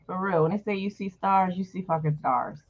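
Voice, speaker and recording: A woman's voice: fairly low pitch, brisk. A woman host casually telling a personal story to her viewers, candid and blunt, swearing freely. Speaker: channel host. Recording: dull lo-fi recording.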